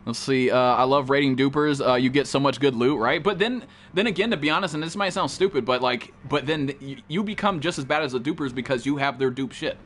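A man's voice: medium pitch, brisk, few pauses, a bit bright, a little hiss or hum. A man live-streaming a game, chatting casually and profanely with viewers and greeting them by name.

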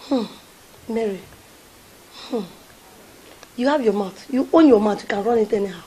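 A woman's voice: on the high side, normal speed, a little hiss or hum, close to an everyday voice. A woman playing a scornful Nigerian stepmother. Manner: scornful, shouting. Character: resentful stepmother, sharp-tongued. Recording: loud film music behind.

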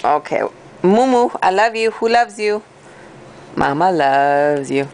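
A woman's voice: on the low side, animated, takes it slowly, darkish tone, a little hiss or hum. A mother cooing playful, sing-song baby talk to her baby, recorded at home on a phone camera.

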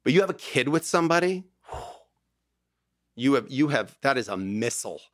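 A man's voice: medium pitch, big pitch swings, moderate pace, no room sound, clean studio sound. A middle-aged man, a divorce lawyer talking as a podcast guest, who tells stories with emphasis and acts out quoted dialogue. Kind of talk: animated conversational interview.

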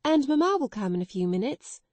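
A woman voicing a kind, eager young girl who speaks in a warm, helpful way. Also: on the high side, sing-song, fairly quick, dry recording, voice pushed up. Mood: caring.

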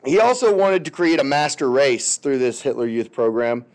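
A man's voice: mid-range voice, big pitch swings, normal speed, darkish tone. A male history teacher giving a casual, chatty lecture with jokey, sarcastic asides.

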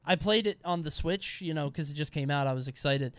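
A man streaming, reacting to a video in casual chat, excitable and swearing. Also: fairly high pitch, brisk, no room sound.

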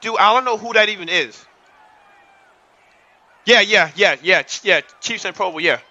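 A man in his thirties chatting excitably on his livestream, hyping up the chat and repeating himself as he talks. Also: high-pitched, normal speed, muffled recording. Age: 30s. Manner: excitable, repetitive, hypes up the chat. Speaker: livestream host.

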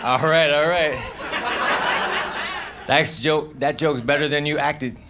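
A man performing live stand-up comedy, delivering deadpan one-liners with mumbled self-deprecating asides. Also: on the high side, slow, over a noisy crowd. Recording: noisy live club recording with audience laughter.

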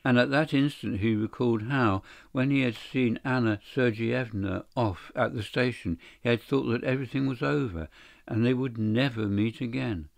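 A man narrating a classic short story in a measured, steady audiobook reading. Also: mid-range voice, creaky, no room sound. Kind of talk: scripted literary narration.

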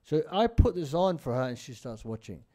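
A man's voice: medium pitch, big pitch swings, a little fast, warm tone. A man giving an informal religious lesson, telling stories and often checking in with his listeners. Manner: conversational storyteller, often checks in with "right?". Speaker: religious teacher. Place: mosque.

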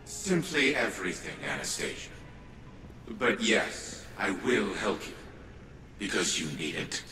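A man's voice: fairly low pitch, sing-song, a little slow, bright, forceful tone, faint music behind, full character voice. An actor playing a condescending elderly scientist who is the heroine's grandfather, speaking in a haughty, sneering game voice. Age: older. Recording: echoey hall reverb with noise.

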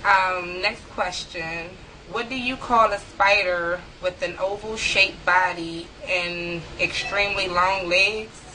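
Young woman, chatty home vlogger, unhurried, faint room hiss. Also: fairly low pitch, steady tone, bright, forceful tone, low-quality recording. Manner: chatty, laughs easily, talks to viewers. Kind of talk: casual vlog, reading a word list aloud.

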